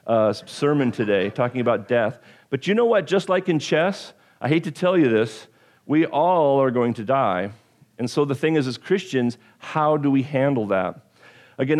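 A man preaching a sermon, animated and joking, with self-deprecating asides and frequent stumbles and restarts. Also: medium pitch. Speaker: pastor.

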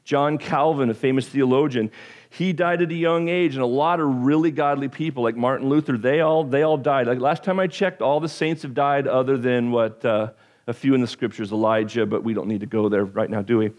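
A man preaching a sermon, animated and joking, with self-deprecating asides and frequent stumbles and restarts. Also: mid-range voice, a little fast. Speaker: pastor.

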